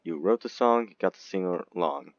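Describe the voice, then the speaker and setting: Deep-voiced guy rambling n giggling thru a game vid, dry muffled audio. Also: brisk, vocal fry, no room sound. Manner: rambling, giggly, sudden squeaky outbursts. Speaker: gaming video creator. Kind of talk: casual game commentary. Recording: dull lo-fi recording, dry.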